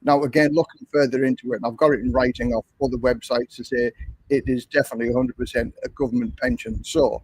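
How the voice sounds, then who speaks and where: A man's voice: medium pitch, expressive, quick pace, gravelly, darkish tone, slight background noise, low-quality recording. An older man with an English accent, telling a long story in a chatty, repetitive way while hosting a livestream. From England. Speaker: livestream host.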